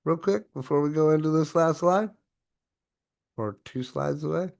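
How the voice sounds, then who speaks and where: Energetic man coaching an online group. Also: fairly high pitch, normal speed, vocal fry. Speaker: host. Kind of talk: online training session.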